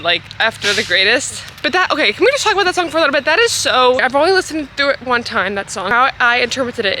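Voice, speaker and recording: Fast-talking bright young woman vlogger. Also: on the high side, slight background noise. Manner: rambling, emotional, swears freely. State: stuffy-nosed from crying. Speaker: fitness vlogger. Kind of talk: casual vlog talk to camera. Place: walking outdoors, then at home.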